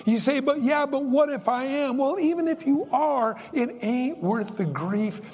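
An older man preaching a sermon in a folksy, animated way, joking between his points. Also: very high-pitched, measured pace. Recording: long hall reverb.

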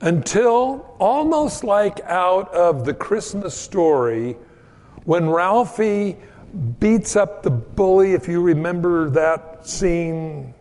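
A man with a fairly high voice preaching at an unhurried pace, as a pastor talking to his flock. He mixes scripture with easy storytelling about family life and briefly acts out the voices in his stories. The sound has a long reverb, like a big church sanctuary. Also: lively intonation, a little mellow. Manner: conversational preaching with homespun stories and quoted voices. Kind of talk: sermon.

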